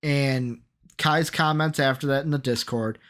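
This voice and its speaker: A man co-hosting a sports podcast in casual chat, energetic, rattling off names and quizzing his co-host. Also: medium pitch, a little slow.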